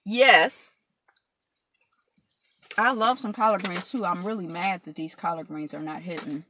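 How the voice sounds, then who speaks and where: On a mukbang live stream filmed with a phone camera, a woman munches and chats loosely with her viewers, filling her rambling talk with fillers and replying to comments as they pop up. Her voice is lowish with a sharp tone, she speaks a little slowly, and there's slight background noise.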